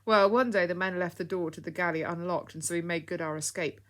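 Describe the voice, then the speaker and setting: A woman reading the lines of an earnest, excitable young boy in an audiobook story. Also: on the low side, fast, natural voice. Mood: eager. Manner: eager, earnest.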